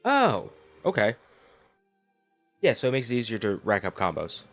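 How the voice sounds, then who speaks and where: A man casually commenting while playing a video game, loud and crude with joking asides. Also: fairly low pitch, wildly swooping pitch, normal speed. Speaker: let's play host. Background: game music.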